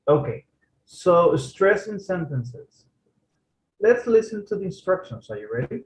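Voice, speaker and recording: A man's voice: high voice, very animated, a little slow. Upbeat male tutor in an echoey room. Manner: encouraging, checks readiness often. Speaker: English tutor. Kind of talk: casual tutoring session.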